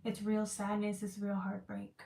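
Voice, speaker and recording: A woman's voice: mid-range voice, completely flat delivery, unhurried, vocal fry, warm tone, distant mic. A woman giving a casual tarot reading, talking emotionally and repeating herself as she searches for words. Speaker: tarot reader. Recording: echoey room, voice off-mic.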